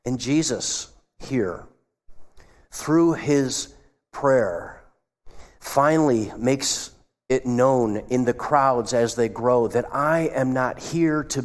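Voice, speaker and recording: A man preaching a sermon as pastor, retelling scenes and dropping his voice low for asides. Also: slow. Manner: acts out quoted voices, drops to a hush for asides. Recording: long hall reverb.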